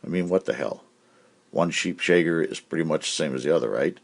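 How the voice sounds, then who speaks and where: A man's voice: rumbling low, fairly quick, vocal fry. A man hosting a cartoon comedy show, telling jokes in a brash, punchy way. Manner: brash, punchy joke delivery with put-on voices. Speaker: comedy host. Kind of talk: joke-telling comedy monologue.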